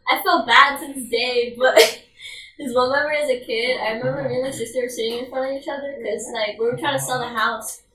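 A woman's voice: high-pitched, steady tone, fairly quick, bright, forceful tone, far from the mic, a little hiss or hum. A young woman in casual chat, rambling through childhood memories, full of "like" and frequent giggles. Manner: giggly, rambling, filler-heavy. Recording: echoey room, away from mic.

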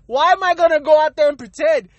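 A man's voice: very high-pitched, quick pace, no room sound. A young man ranting casually and bluntly, swearing and laughing often as he talks. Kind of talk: casual rant.

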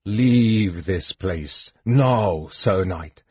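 A man's voice: low-pitched, animated, extremely slow, dark tone, breathy edge, no room sound, exaggerated voice. A man voicing a cold, forbidding spectre. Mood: menacing. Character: menacing ghostly spectre guarding a tower. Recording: dull lo-fi recording.

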